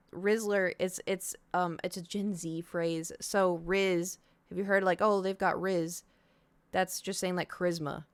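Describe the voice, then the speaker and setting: Young woman streamer, rambling casual storyteller, mid pitch, dry close sound. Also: no room sound. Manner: rambling, self-interrupting storytelling. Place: home.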